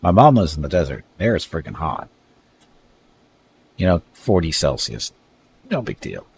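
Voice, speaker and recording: Brief: male game streamer, extremely low voice, relaxed chat with viewers. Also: moderate pace, creaky, a little hiss or hum. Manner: reads unit stats aloud, chats with viewers. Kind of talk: casual live-stream commentary.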